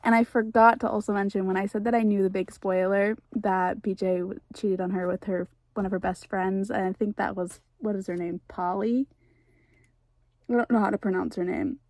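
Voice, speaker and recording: A woman's voice: mid-range voice, steady tone, moderate pace, darkish tone, dry recording. A young woman reacting to a book in a casual reading vlog, gushing and exasperated by turns. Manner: gushing, exasperated, laughs and rants. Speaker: book vlogger.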